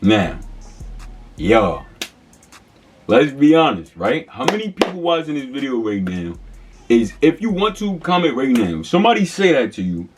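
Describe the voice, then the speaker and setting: A man's voice: medium pitch, big pitch swings, moderate pace, faint music behind. A man in his twenties telling a story in a casual, slangy, rambling way, full of fillers. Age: 20s. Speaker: vlogger.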